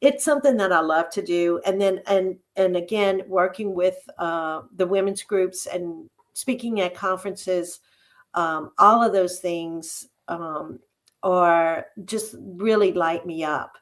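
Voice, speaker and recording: A woman who coaches and speaks in public, answering interview questions in a thoughtful way with many "um" pauses. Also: lowish voice. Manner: thoughtful, uses many "um" fillers, tells stories about herself. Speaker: podcast guest, coach and speaker. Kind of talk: casual interview conversation.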